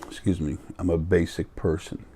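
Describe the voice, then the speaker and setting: Deep-voiced blunt rambling man. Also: level tone, moderate pace, dark tone. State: tired. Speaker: vlogger. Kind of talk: casual monologue to camera.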